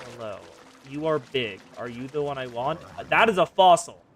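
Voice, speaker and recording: A man commenting casually on his own gameplay, talking to himself, swearing, and swinging between loud exclamations and quiet mutters. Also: fairly high pitch, animated, moderate pace, faint music behind. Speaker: game streamer.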